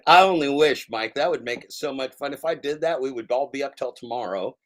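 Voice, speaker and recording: A man's voice: mid-range voice, a bit bright. A man hosting a livestream, ranting casually in a taunting, profane and rambling way. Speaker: livestream host.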